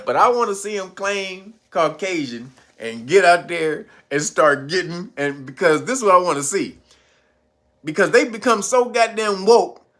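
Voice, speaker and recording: A man's voice: sits high, a bit bright. A man hosting a podcast, giving casual profane commentary, reading live chat, laughing often and mocking.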